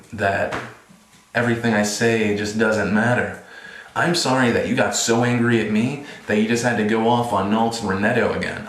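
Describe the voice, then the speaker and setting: Sarcastic young man in an echoey room. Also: on the low side. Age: 20s. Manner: mock-apologetic, sarcastic. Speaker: vlogger. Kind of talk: sarcastic casual vlog.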